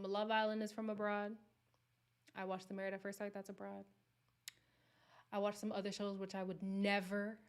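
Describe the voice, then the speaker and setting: Animated woman hosting a live chat. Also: mid-range voice. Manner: animated, exclaiming and reacting to comments. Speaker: host of a live recap stream. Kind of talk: casual live chat answering viewers.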